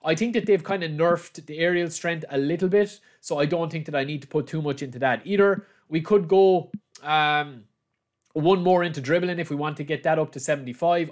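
A man hosting a gaming channel, giving excitable live commentary on his own match, shouting at the play and calling viewers lads. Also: a little high.

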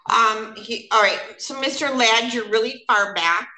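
A woman's voice: fairly high pitch, unhurried, pushed and bright. A woman judge running a court hearing, speaking plainly and casually with frequent fillers. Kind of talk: courtroom proceedings. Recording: roomy courtroom sound, faint noise.

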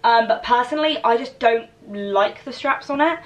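A woman's voice: a little high, normal speed, lo-fi sound, a little hiss or hum. A woman, chatting playfully through a dress try-on haul with lots of fillers. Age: 20s. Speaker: fashion vlogger. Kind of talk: casual try-on haul chat.

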